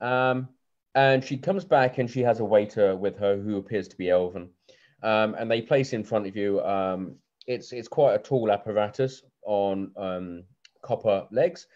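A man with a fairly low voice runs a tabletop game as game master. He narrates in a loose, chatty way, with frequent ums and restarts. The audio is muffled and lo-fi, like a video call. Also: a little slow, a little mellow.

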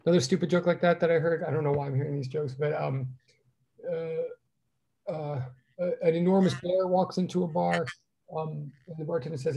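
A man's voice: fairly high pitch, steady tone, moderate pace, gravelly, a little mellow. A man teaching a physics class online, rambling with lots of fillers and corny jokes between greetings to students. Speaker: physics professor. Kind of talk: casual online lecture.

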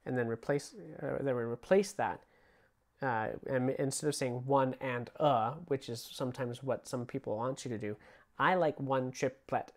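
A man's voice: medium pitch, moderate pace. Chatty male music teacher. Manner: relaxed and chatty, sings rhythms aloud while explaining. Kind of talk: casual online music theory lesson.

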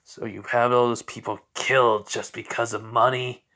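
A man voicing a calm young male hero who speaks flatly and with quiet menace. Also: mid-range voice, moderate pace. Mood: cold.

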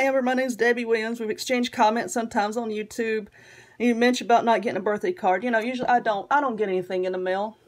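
Chatty Southern woman, a bit high. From Southern United States. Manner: chatty, rambling, giggly. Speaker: vlogger. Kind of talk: casual chat showing mail.

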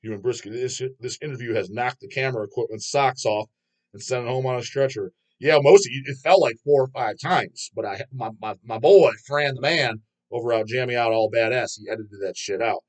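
A man's voice: medium pitch, brisk. A man hosting his own channel, reading viewer comments aloud and answering them in a rambling, profane way, laughing often. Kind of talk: casual chat.

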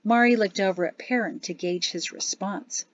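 A woman's voice: mid-range voice, moderate pace, no room sound. Woman narrating an audiobook, dry sound. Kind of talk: scripted narration. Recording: slightly dull dry studio recording.

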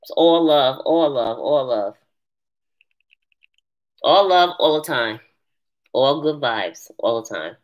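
Animated woman chatting live with viewers. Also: a bass voice, slow pace, long pauses. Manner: animated, laughing, talks back to chat comments. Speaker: live stream host. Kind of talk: casual live chat with viewers.

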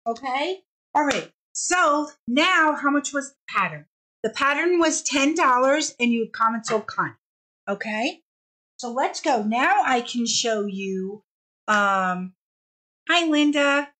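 A woman's voice: high-pitched, lively intonation, takes it slowly, pushed and bright. A woman hosting a casual live fabric sale stream, bubbly and chatty, stretching out each product name as she shows it.

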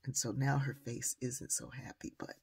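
An older woman giving a motivational talk as a storyteller, animated and acting out the voices of the people in her story. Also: rumbling low, moderate pace, creaky, slightly rough. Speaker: motivational speaker.

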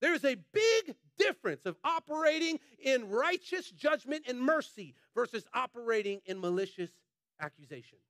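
Passionate high-pitched male preacher. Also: big pitch swings, moderate pace, a bit bright, no echo, studio quality. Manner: passionate, emphatic preaching with repetition; colloquial, addresses congregation as y'all. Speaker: pastor. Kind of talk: sermon.

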